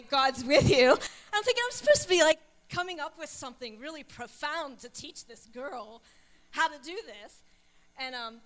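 A woman, a pastor's wife, preaching a sermon and telling personal stories animatedly, acting out dialogue. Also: sits high. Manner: animated, storytelling with acted-out dialogue.

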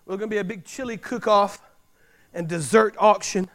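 A middle-aged man preaching a sermon, repeating key lines and driving points home with loud bursts. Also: high voice, fairly even intonation, a little fast. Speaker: pastor.

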